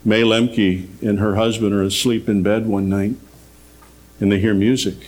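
A man's voice: on the low side, flat delivery, moderate pace, a little mellow. A man preaching a radio sermon, telling a story earnestly and rising in emphasis on his key points.

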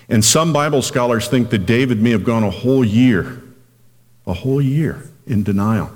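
A man preaching a sermon as pastor, reading scripture slowly and earnestly. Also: mid-range voice, darkish tone, long reverb tail.

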